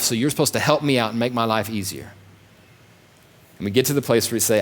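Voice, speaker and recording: A man delivers a church sermon in a fairly low voice. He presses his points by repeating phrases and slips into mock complaining voices to make them. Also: fast. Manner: emphatic, repeats phrases, acts out grumbling voices. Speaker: pastor.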